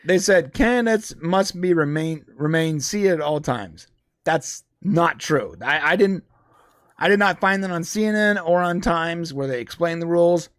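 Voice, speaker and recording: Higher-voiced man in casual podcast chat. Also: expressive, moderate pace, no room sound, clean studio sound. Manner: conversational, with frequent restarts and fillers. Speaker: podcast co-host. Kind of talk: casual live-stream chat.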